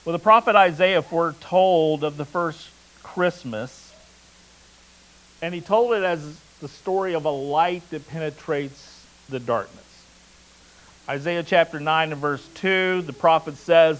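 A man preaching a sermon in a conversational, casual way, telling stories and reading scripture aloud between relaxed asides. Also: on the high side, unhurried, poor audio. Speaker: pastor.

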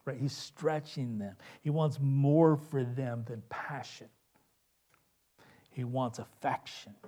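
A pastor delivers a sermon in church, his medium-pitched voice swinging from loud, urgent cries down to hushed, quiet tones.

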